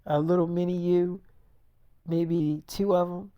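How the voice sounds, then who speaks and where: A woman's voice: on the low side, fairly even intonation, measured pace, no room sound, highs cut off, close to an everyday voice. A storyteller voicing a bold, pushy young pregnant girlfriend who talks bluntly and pleads her case. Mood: insistent.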